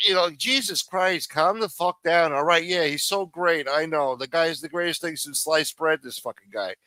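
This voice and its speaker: A man's voice: on the high side, normal speed, few pauses, pushed and bright, no room sound. A man hosting a live stream, commenting casually on a clip in a rambling, profane, exasperated way.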